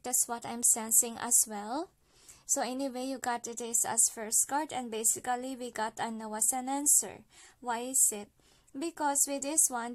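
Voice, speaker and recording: A woman from the Philippines talks through a card reading in a relaxed, chatty way. Her voice sits a little high. She leans on fillers and tags her points with a quick "okay?". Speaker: card reader. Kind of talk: casual spoken card reading.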